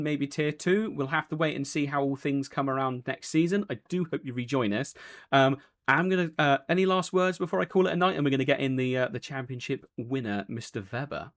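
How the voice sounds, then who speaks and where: A man hosting a post-race interview, talking in a chatty, rambling way with lots of fillers and self-corrections. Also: medium pitch. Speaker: race broadcast host.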